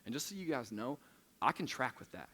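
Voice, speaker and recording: A young adult man preaches a conversational sermon to a room of listeners at a church service, telling stories casually, mocking himself, and often restarting sentences. His mid-range voice is very animated, a little fast, pushed and bright.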